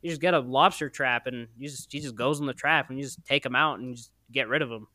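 A man's voice: medium pitch, fast, bright, forceful tone, no echo, studio quality, close to an everyday voice. A man voicing a laid-back male fisherman in an improvised spooky story, talking in an offhand way and repeating "you just" over and over. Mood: helpful. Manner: offhand, repetitive, keeps saying "you just".

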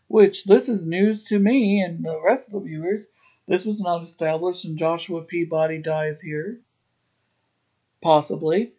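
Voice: medium pitch, dark tone. A podcast host casually recapping a TV episode, adding chatty, opinionated asides. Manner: retells scenes, briefly voicing the characters' lines.

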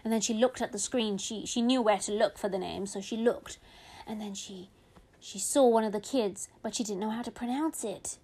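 A woman telling a funny story in a chatty, animated way, acting out the characters' voices. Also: medium pitch, normal speed, breathy edge. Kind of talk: casual storytelling.

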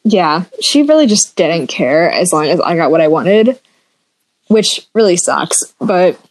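Young woman, podcast co-host, giggly animated storyteller, casual chat. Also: lowish voice, measured pace.

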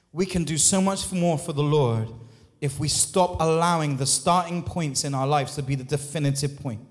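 A man preaching a sermon as lead pastor, impassioned, his voice surging up and dropping into quick asides. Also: fairly high pitch. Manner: impassioned, swings between loud rises and quick quiet asides. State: out of breath. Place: church hall. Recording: long hall reverb.

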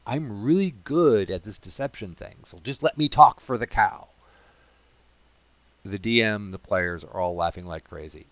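A man casually telling a funny story about his tabletop game character, animated, with comic asides. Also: on the low side, moderate pace, no echo.

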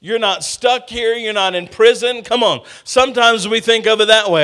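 Middle-aged guy preaching, high voice, lots of "come on somebody" to the crowd. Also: normal speed, hardly any pauses. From Texas. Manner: lively, call-and-response with congregation. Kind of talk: sermon.

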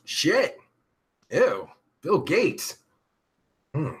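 Guy streamer reading chat, crude and rambly, high bright voice that jumps all over, takes his time. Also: huge pitch swings. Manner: rambling, vulgar, quick to get riled up. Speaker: live show host reading chat.

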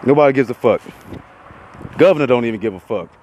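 A man's voice: mid-range voice, lively intonation, quick pace, a little mellow, lo-fi sound, a little hiss or hum. Heated, profane man ranting on a podcast. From Florida, USA. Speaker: podcast host. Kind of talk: profane rant monologue.

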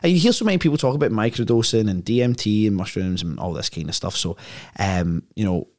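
A man's voice: lowish voice, expressive, fast talker, darkish tone. A man, a podcast guest telling a story in a casual, slangy way, full of "like" and "right?".

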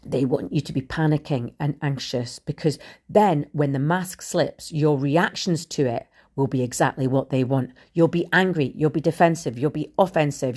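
A middle-aged woman with a notably low-pitched voice speaks candidly to her podcast listeners. Her delivery is frank and conversational, with the occasional swear word slipping in. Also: dark tone. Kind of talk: candid personal monologue.

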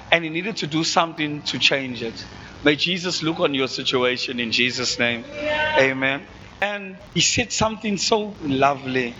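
A man's voice: a little high, pushed and bright, highs cut off, slight background noise. A man with a South African accent preaching a conversational sermon to his congregation, often checking that they follow along. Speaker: pastor.

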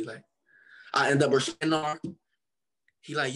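A man's voice: mid-range voice, a little slow, pauses often, bright, forceful tone. A young man from Cincinnati, Ohio, telling his story as a guest artist in a casual interview, loose and slangy, acting out the people he quotes.

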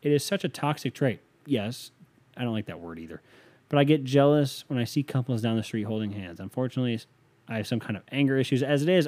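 A young man in his twenties chats casually on his podcast, reading out a listener's letter and reacting to it. His voice sits at a middling pitch, and he drifts into profane, joking asides as he gives advice. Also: expressive, fast talker, darkish tone. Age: 20s. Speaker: podcast host.

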